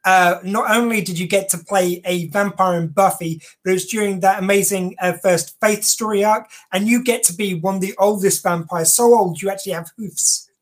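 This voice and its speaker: A woman's voice: medium pitch, fairly even intonation, moderate pace, hardly any pauses. A woman hosting an interview, asking long, friendly questions in a casual tone. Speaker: interview host.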